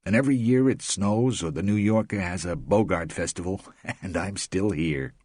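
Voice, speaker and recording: A man voicing Hugh, a rueful, chatty man at a party, in a slightly raised husky voice. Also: on the low side, moderate pace, darkish tone, no echo, studio quality, voice pushed up, lightly acted.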